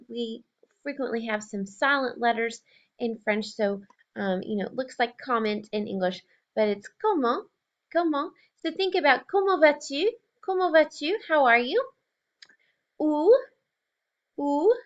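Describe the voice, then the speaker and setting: Woman teacher, explanatory, lo-fi recording. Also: sits high. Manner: patient, explanatory, slows to model pronunciation. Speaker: French teacher. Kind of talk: recorded lesson narration.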